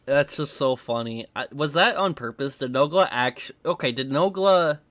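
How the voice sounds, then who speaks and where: A man's voice: mid-range voice, expressive, moderate pace, a bit bright, dry recording. A man commentating on clips in a casual way, thinking aloud and restarting his questions as he goes. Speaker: reaction commentator.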